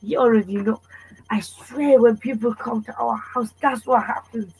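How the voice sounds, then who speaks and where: A woman's voice: a little high, fairly even intonation, moderate pace, slight background noise, rough recording. A woman co-hosting a casual podcast chat, agreeing and chiming in with her own stories. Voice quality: very breathy. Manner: chatty, agreeing, interjecting. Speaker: podcast co-host.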